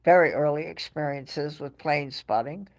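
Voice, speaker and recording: A woman hosting a live stream, telling a story in a rambling, casual way with quick asides. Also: deep voice.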